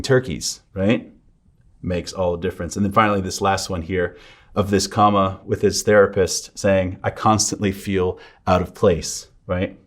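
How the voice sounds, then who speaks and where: A middle-aged man, a seminary lecturer, giving a conversational lecture on scripture, asking rhetorical questions and often checking in with "right?". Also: fairly low pitch.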